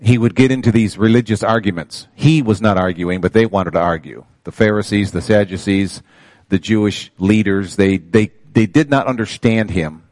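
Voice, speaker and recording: A man's voice: lowish voice, normal speed, a little mellow, no echo. An older man preaching a sermon, calling out to his congregation and reading scripture aloud with rising emphasis. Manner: preaching with call-outs to the congregation. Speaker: pastor.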